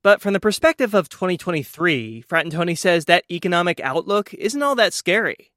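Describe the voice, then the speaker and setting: A man radio reporter narrating a scripted economics news story in a measured way. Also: high-pitched, lively intonation, a bit bright, no echo, studio quality.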